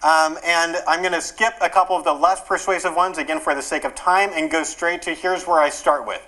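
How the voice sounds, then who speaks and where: A man giving a conference workshop talk, explaining arguments quickly and in an animated way. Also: on the high side, poor audio. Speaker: workshop speaker.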